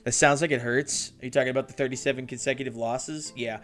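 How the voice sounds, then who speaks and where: A man's voice: mid-range voice, fairly even intonation, fast talker, fairly bright tone, soft background music. A man hosting a hobby build live stream, chatting casually, swearing and laughing often, and reading chat messages aloud.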